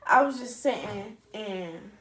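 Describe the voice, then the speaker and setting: A young adult woman telling a personal story casually to her camera, animated, profane and candid, talking straight to her viewers. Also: mid-range voice, slow pace, a little hiss or hum. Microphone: camera set up in front of her.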